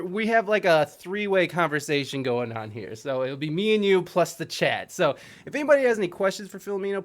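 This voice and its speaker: A man hosting a casual music podcast, his voice sitting a little high for a man. He rambles, restarts his sentences and laughs at himself while he talks to his guest and his live chat. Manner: chatty, rambling, laughs often, self-deprecating. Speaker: podcast host. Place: home studio streaming with a live chat.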